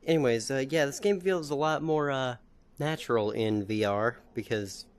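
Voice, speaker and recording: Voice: medium pitch, moderate pace. A gaming video host giving chatty VR gameplay commentary and playfully taunting enemies.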